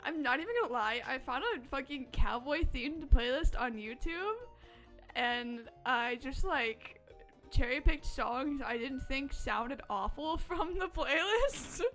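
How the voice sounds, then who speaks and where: A woman's voice: sits high, animated, measured pace, a bit bright, faint music behind. A young woman streaming live, chatting casually with her audience, giggling often and answering chat in a playful, swearing way. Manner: giggly, laughs often between lines.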